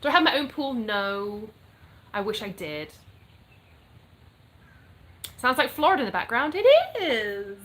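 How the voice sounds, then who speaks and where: A US-born woman in her thirties, raised in England and carrying a mixed English accent, reads viewer questions aloud from her North Florida home and answers them frankly in a casual live chat. Her fairly high voice is animated, bright and forceful, unhurried with long pauses. She's a content creator, and the audio is poor.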